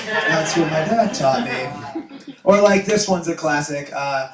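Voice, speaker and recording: A man's voice: a little high, unhurried. Young man doing stand-up, echoey room. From Boston. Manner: self-deprecating, chuckling between jokes. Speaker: stand-up comedian. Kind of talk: stand-up set. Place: small comedy club stage. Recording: echoey club, far mic, some noise.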